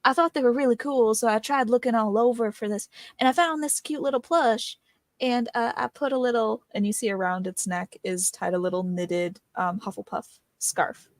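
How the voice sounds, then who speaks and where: A woman playing a tabletop game, speaking gently and hesitantly with many ums. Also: fairly high pitch, steady tone, normal speed, no room sound, clean studio sound. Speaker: player.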